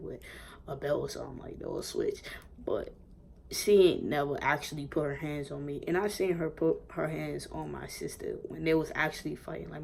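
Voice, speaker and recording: A young woman casually telling a personal story, animated and full of swearing, acting out what others said. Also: sits low, vocal fry. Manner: animated, swearing, acts out quotes. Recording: faint background noise.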